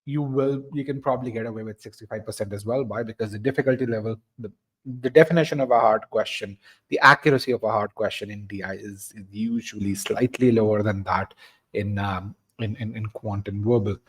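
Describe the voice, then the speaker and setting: A man's voice: on the low side, fairly even intonation, a little fast, a bit bright, slightly rough. A man teaching a live test-prep webinar, explaining in a talky way with many restarts and repeated words, and reading out and answering audience comments.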